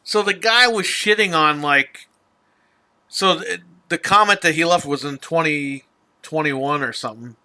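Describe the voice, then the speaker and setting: A man rants casually on his podcast, exasperated and swearing through a long story. His voice sits a little high with a bright, tense edge. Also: measured pace. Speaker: podcast host. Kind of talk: casual ranting chat.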